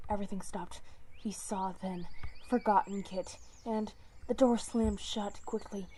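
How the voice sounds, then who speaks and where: Casting: a woman reading a fan story aloud, slow and halting, with faint background noise. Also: mid-range voice, fairly even intonation, warm tone. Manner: hesitant, with self-corrections. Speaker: narrator.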